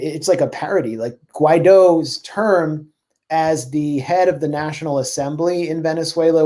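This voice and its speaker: A man, a journalist guest, talking fast and sardonically in casual political chat, with many "like"s and "I mean"s. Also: mid-range voice, warm tone.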